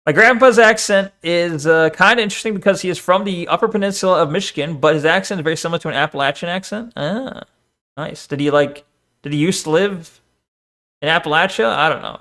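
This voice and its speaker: A man's voice: on the high side, fairly bright tone. A man streaming and chatting casually, reading chat, swearing often and rambling between topics.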